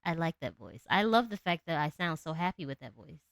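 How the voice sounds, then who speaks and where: Giggly low-voiced woman streamer, lively. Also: a little fast, creaky, dry recording. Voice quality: low alto voice. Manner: chatty, giggly, talks to chat and her cat. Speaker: live streamer. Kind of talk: casual live-stream chat.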